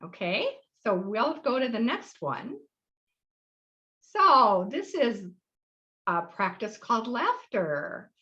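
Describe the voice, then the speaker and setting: A woman's voice: a little high, big pitch swings, slow, long pauses, bright, forceful tone, highs cut off. A middle-aged woman hosting a live webinar workshop, explaining practices in a friendly, rambling way with fillers. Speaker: workshop host.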